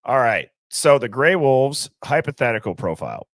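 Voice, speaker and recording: A man's voice: mid-range voice, big pitch swings, normal speed, fairly bright tone, no echo, clean studio sound. A man co-hosting a true-crime stream, thinking aloud in a laid-back casual chat. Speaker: stream co-host.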